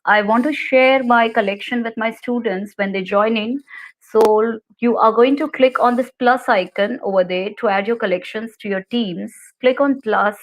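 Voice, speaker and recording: A woman, a computer teacher, gives a clear step-by-step screen-share tutorial over a video call. Her voice sits somewhat high, and she explains each click calmly and in order. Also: normal speed, rough recording. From India. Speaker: ICT teacher.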